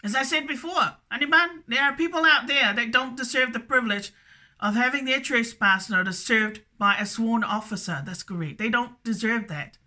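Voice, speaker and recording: A video blogger with a slightly high, sharp-toned voice talks at a moderate pace in a rambling solo monologue. She stammers, repeats things, and keeps tagging on "that's correct."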